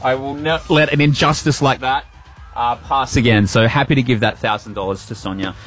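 A middle-aged man hosting a breakfast radio show, chatty and warm, repeating words as he talks. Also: medium pitch, fairly even intonation, a little fast, soft background music. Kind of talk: casual radio chat. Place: radio studio.

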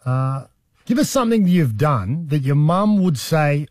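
A man hosting a casual radio show, teasing his co-host in quick playful banter. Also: on the high side, sing-song, darkish tone, no echo, clean studio sound.

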